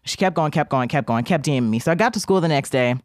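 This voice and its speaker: A young woman, a podcast guest, telling a long story in casual chat, animated and profane, acting out the people she quotes. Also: sits low, quick pace, no echo, studio quality.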